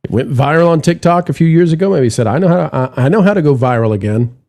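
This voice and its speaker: A man's voice: a little high, expressive, racing, a little mellow. A man hosting a casual panel chat about movie news, talking in a chatty way with frequent restarts. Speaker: panel show host.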